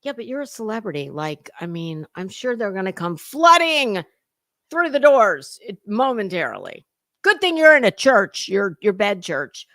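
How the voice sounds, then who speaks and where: A woman's voice: mid-range voice, big pitch swings, moderate pace, sharp tone, no echo, clean studio sound. A middle-aged woman hosting sarcastic reaction commentary, mocking and profane, slipping into put-on voices. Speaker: commentary host.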